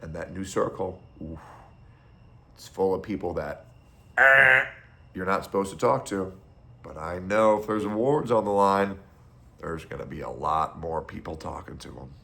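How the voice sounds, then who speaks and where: A man's voice: low-pitched, moderate pace, creaky. A male streamer in a casual, blunt monologue, ranting with heavy profanity and strong opinions.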